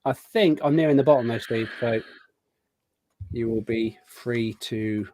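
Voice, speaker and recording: A man hosting a casual live show, chatting warmly through a long list of viewer greetings. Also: mid-range voice, unhurried, a little hiss or hum. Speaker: podcast host. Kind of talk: casual live-stream chat.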